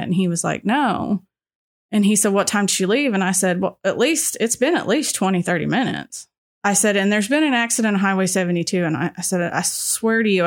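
Middle-aged woman telling a personal story. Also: mid-range voice. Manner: recounting events with quoted dialogue and frequent "you know" fillers. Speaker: radio listener guest.

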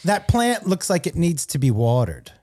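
Man, comedian guest, casual podcast chat, laughs a lot, slightly husky voice. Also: on the high side, sing-song, normal speed, darkish tone, soft background music. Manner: joking, laughs often.

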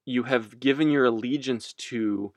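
A man's voice: medium pitch, unhurried, dry recording, clean studio sound. A man giving a casual, jokey teaching talk about faith that rambles along. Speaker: speaker on faith.

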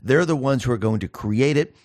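A man's voice: medium pitch, fairly quick, a little mellow, no echo. A man hosting a political commentary show, speaking in an emphatic monologue full of repetition and rhetorical questions. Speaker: show host.

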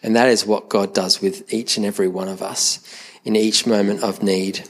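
Male pastor, low voice, casual sermon, repeats and restarts words, light humor. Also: level tone, moderate pace. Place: church service.

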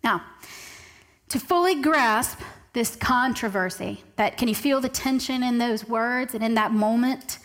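A woman preaching a sermon, reading scripture aloud and slowing down to stress key words. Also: fairly high pitch, a bit bright. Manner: reads scripture aloud, slows down for emphasis.

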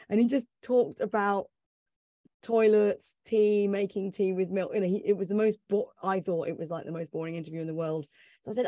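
A woman recounts a personal tale in a bubbly, animated way. She acts out the quotes as she goes, and her voice sits dry and close to the mic. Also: mid-range voice, moderate pace, no echo. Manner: lively storytelling with laughs and acted-out quotes. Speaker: former radio reporter telling a story.

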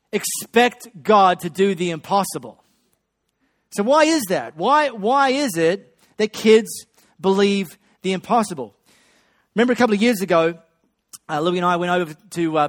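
A man preaching a sermon, swinging between loud excitement and hushed storytelling. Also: fairly high pitch. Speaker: pastor.

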